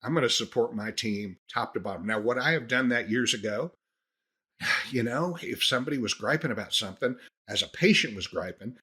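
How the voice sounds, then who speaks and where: A man's voice: mid-range voice, lively intonation, a little fast, pushed and bright, husky. A man, a dentist hosting a podcast, talking through a casual, earnest monologue with frequent restarts. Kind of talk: casual monologue on practice management.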